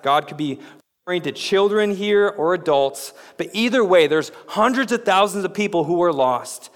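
A man preaching a sermon as pastor, with dramatic delivery that rises to emphatic peaks and drops low. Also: big-room sound.

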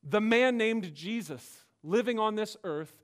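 Male pastor, fairly high voice, emphatic sermon delivery, rising and falling. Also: animated, measured pace. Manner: emphatic, explanatory preaching with rising and dropping delivery. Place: church sanctuary.

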